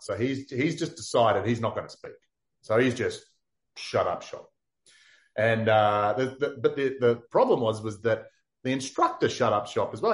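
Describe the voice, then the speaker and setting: A man from far north Queensland with an Australian accent, telling a story as an interview guest in a lively, casual way, full of "like" and acted-out quotes. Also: mid-range voice. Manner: animated, acts out quotes, many "like" fillers.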